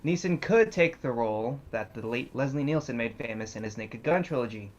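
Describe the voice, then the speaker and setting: A man's voice: medium pitch, animated, fairly quick, lo-fi sound, a little hiss or hum. A man on a comedy panel, reading film news and playing along with the host. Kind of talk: casual comedy panel chat.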